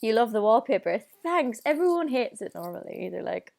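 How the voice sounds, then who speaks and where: A woman's voice: mid-range voice, normal speed, vocal fry, a little mellow. A young woman with a Northern Irish accent chatting casually on a live stream, bubbly and reading out viewer comments. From Northern Ireland. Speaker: singer hosting a live stream.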